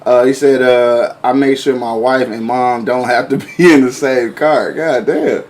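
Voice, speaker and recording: A slangy, excitable man hosting a live podcast show, quick to burst out laughing. His voice sits at an ordinary pitch. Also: background noise. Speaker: host.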